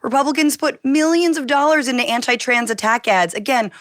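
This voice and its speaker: A woman guest with a scathing, animated way of discussing politics in casual chat. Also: high voice, a little fast, no room sound, clean studio sound.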